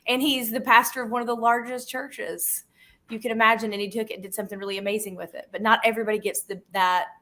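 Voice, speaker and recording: Bright, animated woman telling a story. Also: fairly high pitch, fast talker. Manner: animated storytelling, frequent restarts. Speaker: podcast guest. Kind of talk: casual podcast conversation.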